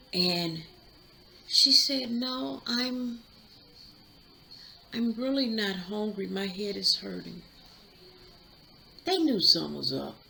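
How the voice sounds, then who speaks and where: A woman's voice: mid-range voice, gravelly, sharp tone, a little hiss or hum, low-quality recording. A woman hosting her channel, chattily retelling a movie plot with asides. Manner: chatty, drawn-out storytelling with asides. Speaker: YouTube channel host.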